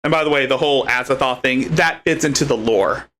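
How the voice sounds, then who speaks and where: A man hosting a live commentary stream, his tone bright and forceful as he mocks his subject. He rambles on in a sarcastic, scornful way at a middling pitch. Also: fairly quick. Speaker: commentary host.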